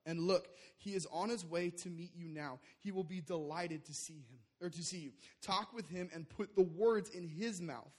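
Young male preacher, high voice, animated storyteller, loose and full of fillers. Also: moderate pace, hardly any pauses. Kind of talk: sermon with personal story.

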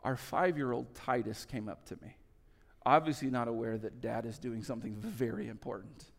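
A man preaching a sermon, telling stories with lively swings between loud, urgent lines and soft, hushed ones. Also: medium pitch, normal speed, creaky, big-room sound. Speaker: pastor.

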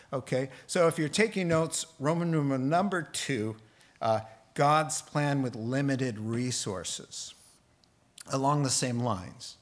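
A man's voice: mid-range voice, a bit bright. A man preaching a Bible sermon in a conversational way, with joking asides. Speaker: pastor.

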